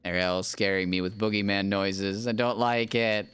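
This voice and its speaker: A man's voice: lowish voice, flat delivery, normal speed, a bit bright, clear, resonant tone, no room sound. A man streaming a video game with his wife, chatting playfully, narrating his own moves and humming silly nonsense tunes. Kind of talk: casual livestream gaming commentary.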